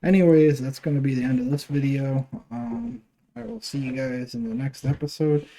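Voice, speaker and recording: A man's voice: medium pitch, expressive, normal speed, gravelly, mellow. A man hosting his own channel, talking through a screen share in a loose, rambling way with many fillers and restarts. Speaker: channel host. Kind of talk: casual screen-share walkthrough.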